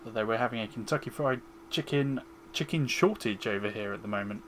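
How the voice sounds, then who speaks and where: A man's voice: fairly low pitch, a little fast, a bit bright, slight background noise. A man chatting casually while streaming a game, cracking jokes and poking fun at his own play. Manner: joking, self-deprecating.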